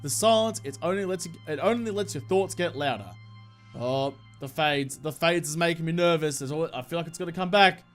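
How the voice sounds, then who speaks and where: A man with a fairly high voice talks through a horror game in casual, profane commentary. He reacts jumpily and nervously as he plays. Soft music runs faintly underneath. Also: brisk. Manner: chatty, swearing, jumpy nervous reactions. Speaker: let's play gamer.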